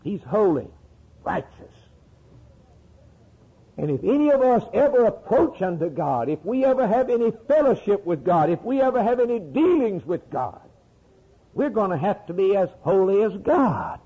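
Fervent preacher with soaring pitch swings. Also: male voice, sing-song, moderate pace, husky, phone-quality sound. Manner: fervent, swinging from low murmurs to rising cries. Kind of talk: sermon.

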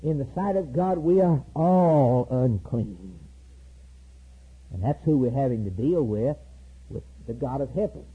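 A man preaching a sermon with a raspy voice, rising to loud high climaxes and slowing down for emphatic repeated lines. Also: expressive. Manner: preaching with sudden loud high climbs and slow emphatic repetitions. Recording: tinny lo-fi recording.

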